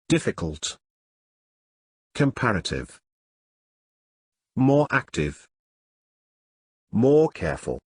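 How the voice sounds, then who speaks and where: Slow husky man reading a schoolbook. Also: lowish voice, fairly bright tone, no echo, clean studio sound. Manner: slow, deliberate, word-by-word. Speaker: textbook reader. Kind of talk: reading a school lesson aloud.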